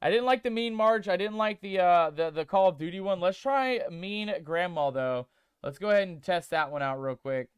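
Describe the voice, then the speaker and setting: With a high, expressive voice at a normal speed, this man reads his chat aloud and tries out text-to-speech voices while streaming a game. He banters casually and playfully with viewers he calls mateys. The tone is clean, with no room sound and studio-quality audio.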